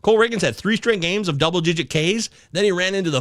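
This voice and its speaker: A man hosting a live fantasy baseball chat show, reading viewer comments aloud with excitable, casually profane banter. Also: high-pitched, quick pace, no echo, studio quality. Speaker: fantasy baseball podcast host.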